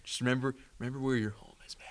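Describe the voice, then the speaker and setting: A man co-hosting a casual sports podcast, talking fast, repeating himself and jumping up in pitch when he gets worked up. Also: fairly even intonation. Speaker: podcast co-host.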